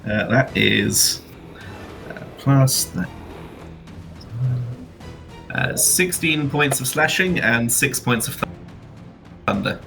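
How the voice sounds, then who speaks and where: A man's voice: medium pitch, animated, takes it slowly, vocal fry, pauses often, music in the background. A man playing a tabletop game, casual and drawling, laughing often. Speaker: player.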